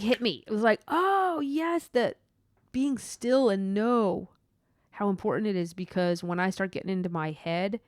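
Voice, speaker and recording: A woman talking through her own faith podcast, earnest and meandering, full of "like" and side thoughts. Her voice is smooth and clear, recorded close and dry with no room sound. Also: fairly low pitch, no room sound. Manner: earnest, rambling, with many asides and "like". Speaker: podcast host. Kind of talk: personal faith podcast monologue.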